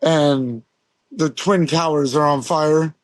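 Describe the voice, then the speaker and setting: In his forties and from Las Vegas, USA, this pro skateboarder speaks slowly in a fairly high voice with no room sound. As a podcast studio guest he tells stories casually, rambling with lots of fillers and swearing.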